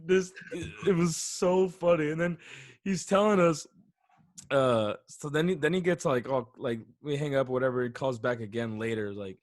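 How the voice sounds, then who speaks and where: A man's voice: mid-range voice, normal speed, no room sound, studio quality. A young man co-hosting a podcast, telling a story in a rambling, profane, often laughing way. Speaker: podcast co-host. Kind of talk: casual storytelling chat. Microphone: podcast mic.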